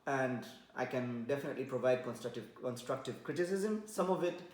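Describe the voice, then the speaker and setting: A man co-hosting a casual podcast as the show's DJ, speaking slowly with many pauses and fillers. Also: mid-range voice, animated, darkish tone. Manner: slow, hesitant, many fillers. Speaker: podcast co-host and DJ. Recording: echoey room.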